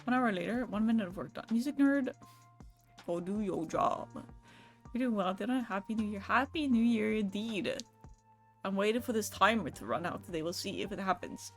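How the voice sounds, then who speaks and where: A woman's voice: medium pitch, fairly quick, faint music behind. A young adult woman streaming live, chatting casually with her viewers, swearing lightly and laughing as she goes. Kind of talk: casual livestream chat with viewers.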